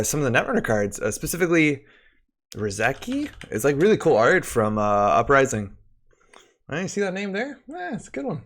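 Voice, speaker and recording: Chatty streamer, a bit out of breath. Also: male voice, mid-range voice, fairly bright tone. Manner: chatty, greets viewers by name. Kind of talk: live-stream chat about a card game. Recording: faint music behind.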